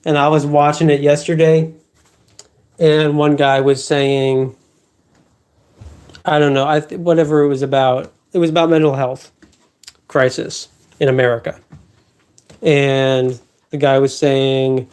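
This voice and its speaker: A man's voice: mid-range voice, level tone, unhurried, pauses often, a little mellow, smooth. A man hosting a live stream, rambling in a repetitive, emphatic, half-joking rant. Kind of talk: rambling casual monologue.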